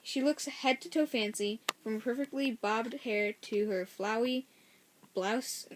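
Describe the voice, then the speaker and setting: A woman's voice: fairly high pitch, a little slow. A woman reading a novel aloud in a casual, first-person way, often correcting herself and making chatty asides. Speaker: story reader.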